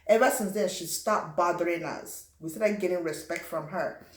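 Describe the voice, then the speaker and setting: A young woman from Africa telling a personal story in a lively way, acting out what people said and adding sound effects. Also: on the low side, moderate pace. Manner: animated, acts out quotes and sound effects. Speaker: vlogger. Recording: roomy echo.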